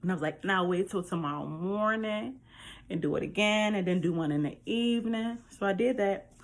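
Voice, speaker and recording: A woman vlogger telling a personal story to camera in a chatty, animated way, speaking straight to her viewers. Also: medium pitch, moderate pace.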